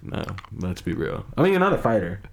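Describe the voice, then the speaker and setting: Teasing, foul-mouthed man on a lively podcast. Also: fairly low pitch, brisk, vocal fry. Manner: teasing, profane, mock-outraged. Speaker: podcast co-host. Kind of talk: casual banter.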